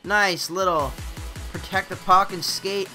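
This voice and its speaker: A young man hosting a gaming channel, giving casual live commentary on his own hockey game and swinging between loud outbursts and low mutters. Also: fairly even intonation, unhurried, faint music behind.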